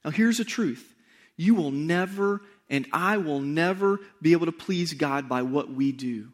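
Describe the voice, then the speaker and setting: A man with a notably high voice preaching to his congregation. He talks to them directly and conversationally, repeats key points for emphasis and throws in rhetorical questions. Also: a little slow. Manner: emphatic repetition. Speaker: pastor. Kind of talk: sermon.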